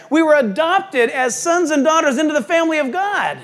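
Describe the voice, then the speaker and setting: A man preaching a sermon as pastor, swinging between loud emphatic bursts and quiet, hushed asides. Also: very high voice, animated, a little fast.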